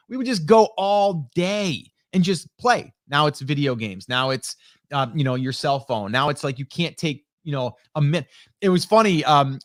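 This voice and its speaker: With a slightly high voice, the middle-aged streamer rambles casually, restarting often and leaning on fillers, occasionally reading comments from viewers. The audio is clean studio sound from a studio dynamic microphone, free of echo.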